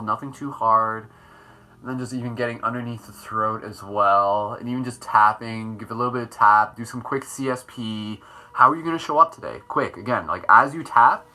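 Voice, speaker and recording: A man hosts a live morning meditation stream, guiding face exercises with playful, upbeat energy and frequent laughter. His voice is medium in pitch with a sharp tone.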